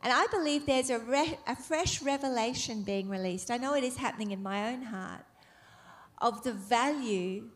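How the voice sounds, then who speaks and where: A woman preaching a sermon with fervent delivery, slowing and softening on key phrases, then building to emphatic exclamations. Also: on the high side.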